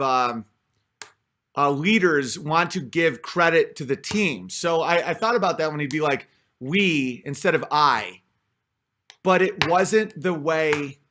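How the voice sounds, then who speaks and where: A man's voice: on the high side, a bit bright. A man talking in a casual spoken monologue, rambling with many fillers and restarts.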